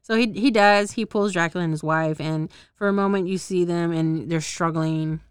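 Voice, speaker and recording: Recapping a show for her podcast, a woman rambles, curses, laughs a lot, and keeps forgetting names and details. Her voice is on the low side, steady and smooth at a normal speed, captured in studio quality with no echo.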